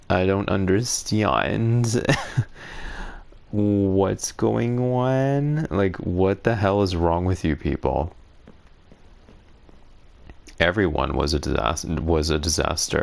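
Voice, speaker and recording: Man, very deep voice with heavy fry, sarcastic rambling streamer storyteller. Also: fairly even intonation, slow pace, pauses often. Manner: rambling, sarcastic, indignant, laughs often. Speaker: gaming streamer. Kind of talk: casual storytelling while playing.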